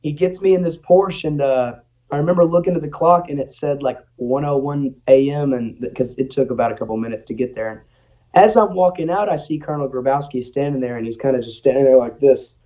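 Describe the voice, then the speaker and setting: A man's voice: mid-range voice, fairly quick. A young man telling a personal story in casual chat, acting out what people said. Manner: animated, acts out quotes. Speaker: guest. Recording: dull lo-fi audio.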